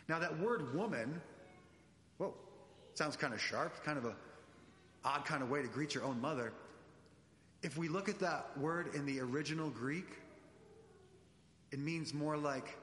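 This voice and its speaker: Animated man preaching in echoey church. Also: mid-range voice, moderate pace, slight background noise. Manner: animated, addresses congregation directly. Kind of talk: sermon.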